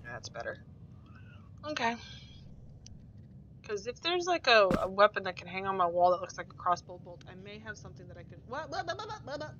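A woman's voice: medium pitch, lively intonation, moderate pace, long pauses, fairly bright tone, muffled recording, slight background noise. A woman streaming a game in rambling, giggly casual chat, swearing freely as she goes. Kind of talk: casual chat while playing.

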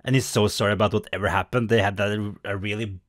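A man hosting a gaming channel, chatting casually over gameplay and often jumping into high exclamations. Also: steady tone, fast, fairly bright tone, no echo, studio quality. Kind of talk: casual game commentary.

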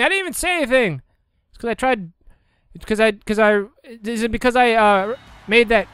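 A young man giving casual, excitable let's play commentary, joking crudely and shouting at the game. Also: extremely high pitch, moderate pace, smooth, faint music behind. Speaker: gameplay commentator.

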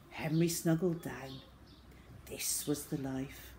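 A woman reading a children's storybook aloud, expressive and dramatic. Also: medium pitch, slow, a little hiss or hum.

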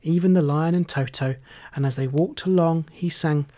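A storyteller reading a classic children's tale aloud in a measured, gentle way. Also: mid-range voice. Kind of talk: scripted storybook narration.

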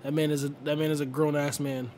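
A young streamer talks from his bedroom, teasing his friend with mock outrage. His voice sits somewhat high. A faint noise runs underneath. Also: little pitch movement, fast, a little mellow. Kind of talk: casual gaming chat. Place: bedroom with air conditioner.

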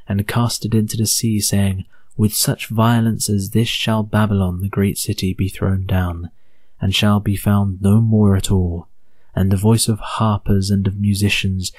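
A man with an English accent narrating an audiobook of scripture in a solemn, measured, deliberate reading. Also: on the low side, a little mellow, no echo.

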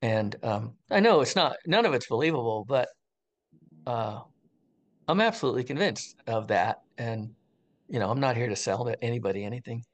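A man's voice: mid-range voice, lively intonation, normal speed. An older man, an interview guest, telling a story in a casual, rambling way, full of fillers and restarts.

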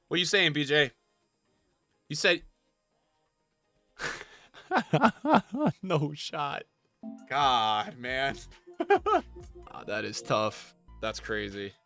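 A man's voice: mid-range voice, vocal fry, sharp tone, no echo. A young man streaming a pack opening, hyped and chatty, talking straight to his chat. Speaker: gaming streamer.

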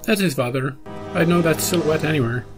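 A woman's voice: low-pitched, brisk. A woman hosting a reaction video, making chatty jokes over film clips. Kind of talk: casual reaction commentary. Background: film soundtrack music.

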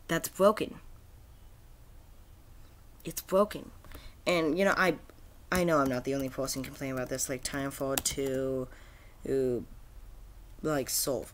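A man's voice: on the high side, a little slow, a bit bright. A man ranting in frustration about a video game, swearing constantly and rambling with many fillers and restarts. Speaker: gaming video creator. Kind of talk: angry gaming rant.

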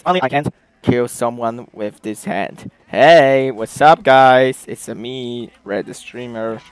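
A man giving excited gameplay commentary as a streamer, exclaiming and reacting loudly, in broken non-native English. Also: mid-range voice, measured pace, clean tone. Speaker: game streamer.

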